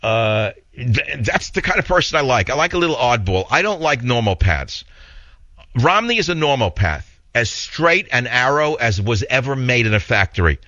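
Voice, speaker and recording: A man's voice: mid-range voice, sing-song, normal speed, pushed and bright, no room sound, highs cut off. A man with a heavy New York accent hosting a talk radio show, opinionated and rambling in a blunt monologue.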